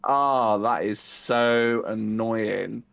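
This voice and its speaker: A man narrating as game master, casual and loose, swearing and counting moves out loud. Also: fairly low pitch, steady tone, drawn-out words, gravelly.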